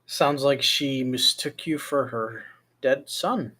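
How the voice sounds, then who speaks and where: A man's voice: mid-range voice, slow pace, bright, forceful tone, slightly rough. A man playing a tabletop game in character, dry and wry. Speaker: player.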